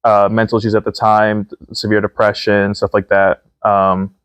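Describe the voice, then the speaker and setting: A young man in his twenties with a fairly low voice, talking candidly and thoughtfully. He pauses often with ums as he works through his thoughts. The recording is dry and close, with no room sound. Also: flat delivery, clear, resonant tone, no echo. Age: 20s. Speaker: podcast guest, son. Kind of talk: casual conversation.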